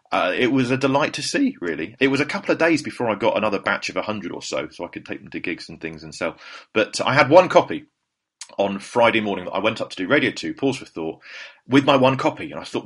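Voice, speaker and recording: A man hosting a podcast in a rapid, rambling, anecdotal way that keeps doubling back on itself. His voice sits low and slightly husky, and its pitch swings widely. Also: sing-song, a bit bright. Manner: rambling and anecdotal, with self-corrections. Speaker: podcast host. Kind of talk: casual chat.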